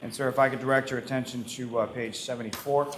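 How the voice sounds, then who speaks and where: A man with a Boston accent questioning a witness in a courtroom, asking quick questions full of uh fillers. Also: medium pitch, fairly even intonation, fairly bright tone, echoey room. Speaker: prosecutor. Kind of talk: courtroom direct examination.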